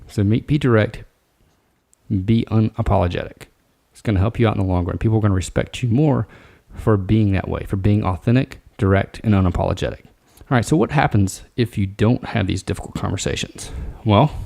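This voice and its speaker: A man hosts a solo advice podcast, speaking low with a gravelly edge. His tone is mellow and relaxed, direct and coaching rather than formal. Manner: casual, direct, coaching tone with frequent "all right". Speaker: podcast host.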